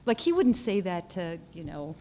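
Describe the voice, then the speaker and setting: A woman painter on a panel, telling a story in a halting, earnest way with many restarts and repeated words. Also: on the low side, big pitch swings, mellow, slight background noise. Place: lecture hall at a panel event. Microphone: handheld or podium mic, often off it.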